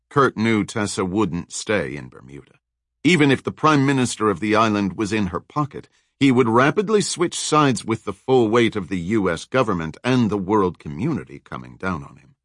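Low-voiced man narrating a thriller. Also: big pitch swings, dry recording, clean studio sound. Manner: measured, dramatic storytelling. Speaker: audiobook narrator.

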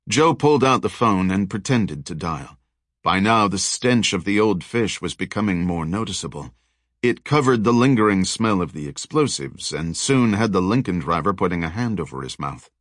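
A man's voice: low-pitched, expressive, normal speed, a bit bright, no room sound. A man reading an audiobook in a wry, dry storytelling manner. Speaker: audiobook narrator. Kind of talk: scripted narration.

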